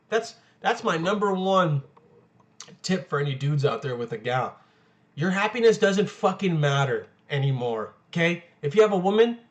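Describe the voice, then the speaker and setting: Rambling, profane young podcast host. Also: male voice, high-pitched. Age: young adult. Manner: profane, rambling, loses his train of thought. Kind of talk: casual solo podcast rant. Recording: lo-fi home audio.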